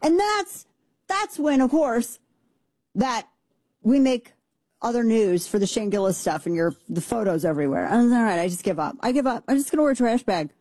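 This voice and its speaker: A woman hosts a political talk show from a home studio in Texas, offering casual opinion commentary in an emphatic, rambling way with sarcastic asides, using a studio mic and headphones. Her fairly high voice is expressive and warm at normal speed, with no echo.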